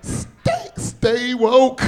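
A man's voice: very high-pitched, wildly swooping pitch, very slow, noisy background, heavily acted. A man doing a brash, crude comedy bit on a talk show, laughing between lines. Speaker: comedian doing a recurring character segment. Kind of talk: loud stand-up style comic bit.

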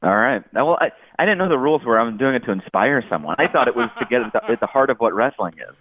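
A man talks casually as a podcast guest, rambling and breaking into laughs. His pitch moves a lot. The sound is thin and phone-like, and it is dry, with no room around it. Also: lively intonation, racing, no echo. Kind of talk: casual chat. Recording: dry tinny phone-like line.

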